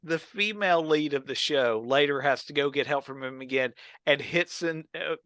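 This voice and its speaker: Male podcast co-host, bright tone, dry close mic, animated storyteller. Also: fairly high pitch, normal speed, smooth, dry recording. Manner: animated storyteller, acts out quotes. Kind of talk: casual chat about old films and TV.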